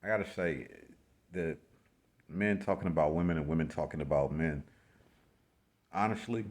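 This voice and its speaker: A man's voice: very deep voice, moderate pace, a little mellow. Blunt, exasperated man ranting on camera. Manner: blunt, slangy, repetitive, exasperated. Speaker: vlogger. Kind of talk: casual ranting commentary.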